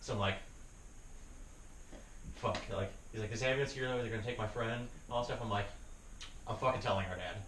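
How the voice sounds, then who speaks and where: A man's voice: on the low side, brisk, pauses often. A young man tells a story on a podcast, swearing freely and laughing between lines. He sits back from the mic, so his voice carries the echo of the room. A faint hiss runs under everything. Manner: profane, laughing, animated storytelling. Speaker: podcast host. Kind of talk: casual storytelling chat. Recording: roomy, distant mic with faint noise.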